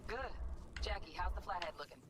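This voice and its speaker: An actress voicing a brisk female crew member who gives curt instructions in a video game. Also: lowish voice, close to an everyday voice. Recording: game audio under loud noise.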